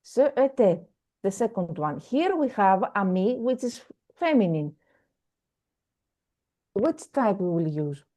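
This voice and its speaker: A woman's voice: mid-range voice, sing-song, slow, pauses often, dark tone. A woman teaching a French lesson over a video call, patient and repetitive, with many fillers. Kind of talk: online language lesson.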